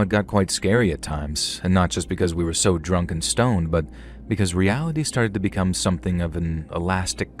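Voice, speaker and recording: A man narrating a first-person horror story in a conversational tone with dry humour. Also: low-pitched.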